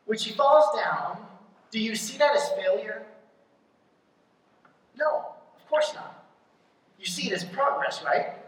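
A pastor giving a conversational sermon, often checking in with the congregation with a quick question, and punching key lines hard. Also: medium pitch, animated, fairly bright tone. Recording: very echoey hall, mic from far off.

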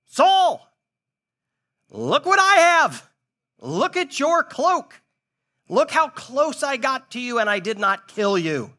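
A man's voice: high-pitched, sing-song, moderate pace, bright, forceful tone, voice pushed up, exaggerated voice. A man playing David, earnest pleading leader. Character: David, young earnest future king.

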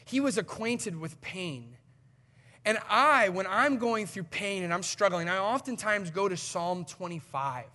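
Man, pastor, high voice, bright and forceful, animated conversational sermon. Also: measured pace. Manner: animated, conversational preaching with emphatic swings.

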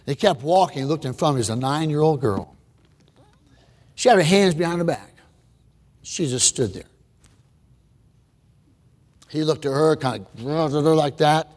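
Dramatic preacher in a reverberant hall. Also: male voice, on the high side, animated, normal speed, long pauses. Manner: dramatic, swings from shouting to hushed, asks the crowd questions. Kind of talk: sermon storytelling.

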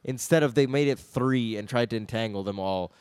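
A man's voice: mid-range voice, a little fast, darkish tone, clean tone, dry recording, clean studio sound. A man co-hosting a casual movie-review podcast, laid-back, swearing freely and laughing often. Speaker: podcast co-host.

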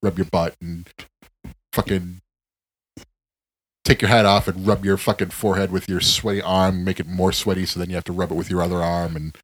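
A man co-hosting a podcast in casual chat, rambling and profane, ranting with animated emphasis. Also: deep voice, a little fast, faint music behind. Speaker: podcast co-host.

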